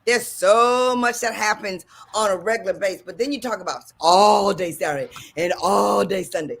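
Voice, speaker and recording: A woman's voice: mid-range voice, normal speed, gravelly, slight background noise. A woman from the Washington DC area hosting a radio talk show, enthusiastic and bubbly, often repeating her phrases.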